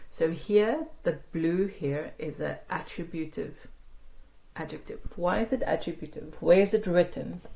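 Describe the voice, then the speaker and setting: This low-voiced woman teaches a language online, walking through grammar and carefully sounding out sample words at a slow pace. She slips in brief asides, and the recording quality is poor.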